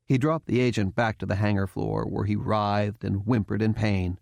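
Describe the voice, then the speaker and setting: A man narrating an audiobook in a steady, even reading voice. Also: fairly low pitch, normal speed, creaky, few pauses, no echo, clean studio sound. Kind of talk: scripted narration.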